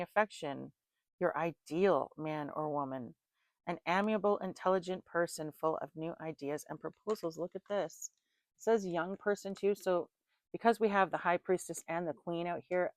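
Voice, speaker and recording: A middle-aged woman giving a casual tarot reading, rambling into animated personal stories and laughing often. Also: lowish voice, no room sound. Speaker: tarot reader.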